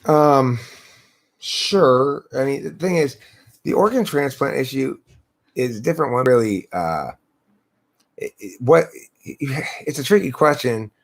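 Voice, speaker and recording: A man's voice: medium pitch, lively intonation, a little slow, pauses often. A man hosting a live stream, arguing points in a lecturing way and posing rhetorical questions to himself, speaking into a laptop. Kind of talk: casual philosophical debate.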